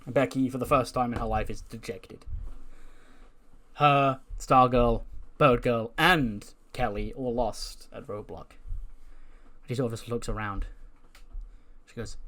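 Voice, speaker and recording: A man casually narrating his wrestling game playthrough, chatty and quick to laugh. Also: medium pitch, steady tone, a bit bright. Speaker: let's play narrator.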